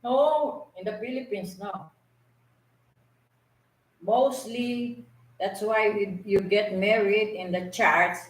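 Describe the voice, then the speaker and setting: A woman's voice: medium pitch, slow, long pauses. A woman chiming in with brief remarks from off to the side of a home livestream. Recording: roomy, off-mic in a home.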